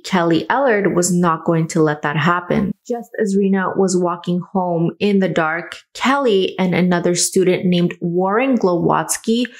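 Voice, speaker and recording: A woman hosting a true crime channel, earnestly retelling a case and adding her own comments. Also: fairly low pitch. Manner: earnest, adds personal comments.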